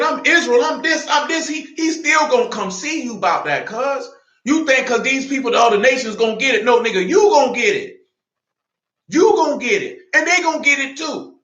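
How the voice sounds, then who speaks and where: A man preaching a sermon in a fiery, confrontational street-talk style, slowing down and dropping lower when he reads scripture. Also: bright, forceful tone, echoey room. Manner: slower, lower reading of scripture.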